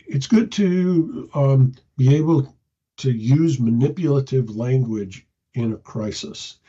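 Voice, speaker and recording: A man giving an instructional talk on calming someone in a crisis, speaking slowly and acting out soothing, commanding phrases. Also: mid-range voice, husky. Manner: slow, measured, demonstrates soothing command phrasing. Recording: dull lo-fi audio.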